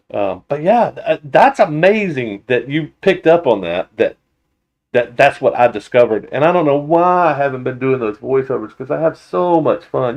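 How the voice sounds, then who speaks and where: A man chats loosely through a livestream, reading his viewers' comments aloud and answering them off the cuff. His sentences often stall and restart, and he breaks into laughter easily. His voice sits at an average pitch. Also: a little mellow. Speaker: motorcycle channel host. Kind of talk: casual livestream chat.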